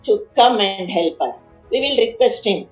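A woman's voice: medium pitch, lively intonation, normal speed, muffled recording, faint music behind. Woman retelling an old epic, echoey. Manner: explains verses line by line, acts out figures' pleas. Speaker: storyteller.

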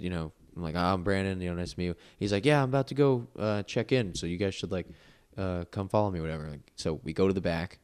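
Deep-voiced young man telling a rambling story. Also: darkish tone. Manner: rambling, filler-heavy storytelling with lots of "like". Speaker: podcast guest. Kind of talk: casual storytelling.

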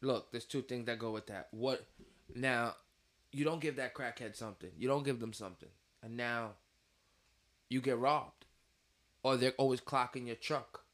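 Bright-voiced storytelling man. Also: medium pitch, steady tone, normal speed. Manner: laid-back storyteller, laughs easily. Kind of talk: casual chat.

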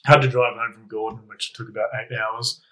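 A man's voice: on the low side, little pitch movement, a little fast, a bit bright, low-quality recording. A young man, casually telling a rambling anecdote as a guest. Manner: rambling, self-correcting anecdote with laughs. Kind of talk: casual storytelling.

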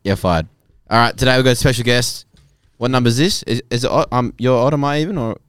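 A man's voice: medium pitch, fast talker, clear, resonant tone, no room sound, clean studio sound. A young man co-hosting a podcast, joking and swearing in casual chat. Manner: animated, jokey, swears. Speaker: podcast co-host.

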